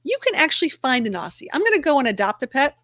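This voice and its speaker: Woman, livestream host, chatty, upbeat, narrates her clicks, fairly high voice, dry sound. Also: sing-song, fast talker, a bit bright, no echo. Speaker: livestream host for a dog rescue community. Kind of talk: casual livestream chat while sharing her screen.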